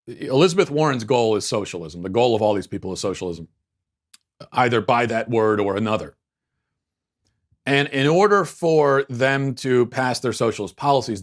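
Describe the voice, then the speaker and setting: A man hosting a political commentary show, talking casually in a sarcastic, mocking way with frequent restarts. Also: mid-range voice.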